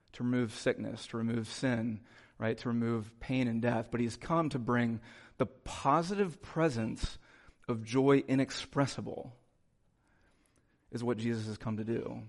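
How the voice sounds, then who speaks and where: A male pastor preaching a sermon in a conversational way, with quick asides to the congregation in a church. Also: mid-range voice. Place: church sanctuary.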